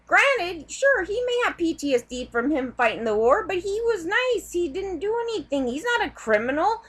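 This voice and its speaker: High-voiced woman on a heated rant. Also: very animated, brisk, few pauses, fairly bright tone. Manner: heated, profane, rambling rant. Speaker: vlogger. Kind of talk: ranting vlog.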